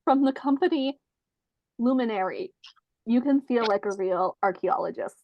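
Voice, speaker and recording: A woman co-hosts a comedy podcast, chatting playfully in a casual, comedic way and reading out details of a trip. Her voice is medium-pitched, with no echo but poor audio quality.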